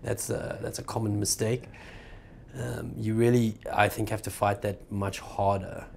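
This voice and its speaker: A middle-aged man with a South African accent, chatting casually as an actor guest in an interview, relaxed and quick to laugh. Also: on the low side, vocal fry, a little hiss or hum. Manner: relaxed, laughs easily, says "man" and "bro".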